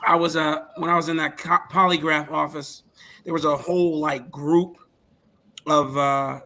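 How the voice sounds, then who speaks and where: Man, storytelling, lively, swears, bright tone, slightly high pitch. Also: moderate pace. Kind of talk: casual podcast chat.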